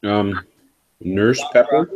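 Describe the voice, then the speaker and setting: A man's voice: on the low side, animated, takes it slowly, darkish tone. A young man hosting a casual live show, teasing his co-host with dry banter. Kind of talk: casual podcast chat.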